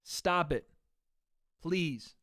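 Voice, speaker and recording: A man's voice: on the high side, very slow, bright, forceful tone, dry recording, clean studio sound. A young man hosting a fight watch party stream, giving casual live commentary in a loose, slangy way and talking back to his chat.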